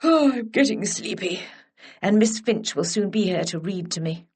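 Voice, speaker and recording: A woman voicing an imperious elderly aristocratic dowager who speaks in a brisk, commanding way, in a storybook reading. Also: mid-range voice, lively intonation, a little mellow, slightly rough.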